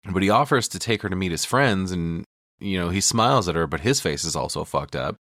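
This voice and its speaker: A man's voice: low-pitched, lively intonation, brisk, fairly bright tone, no echo, studio quality. A man co-hosting a podcast, casually recapping a film scene by scene, profane, slipping into quoted lines. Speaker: podcast co-host. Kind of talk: casual movie recap chat.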